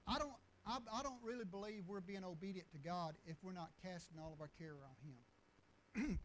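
High-voiced preacher man. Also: moderate pace, fairly bright tone, slight background noise, poor audio. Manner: folksy, rambling with restarts and chuckles. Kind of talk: storytelling sermon.

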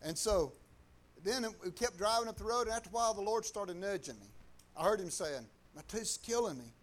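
A man's voice: high voice, animated, a little fast. A man with a Southern US accent telling a faith testimony in a folksy, colloquial way, acting out other people's lines. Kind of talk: testimony storytelling.

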